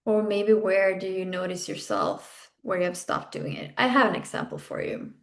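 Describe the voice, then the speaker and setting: A woman's voice: mid-range voice, very animated, moderate pace. A woman hosting a podcast, guiding a self-development exercise in an intimate, frank way, swearing casually. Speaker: podcast host and coach.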